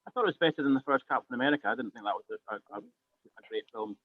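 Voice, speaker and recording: A Scottish man in casual podcast chat, rattling along quickly with wry remarks. His voice comes through dry and thin, like a phone line. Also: mid-range voice, no room sound. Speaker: podcast co-host.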